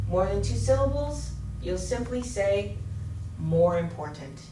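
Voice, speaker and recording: A woman teaching an English grammar lesson, explaining slowly and clearly and spelling out letters. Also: mid-range voice, lively intonation, mellow, a little hiss or hum. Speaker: ESL teacher. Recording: roomy, distant mic with faint ambience.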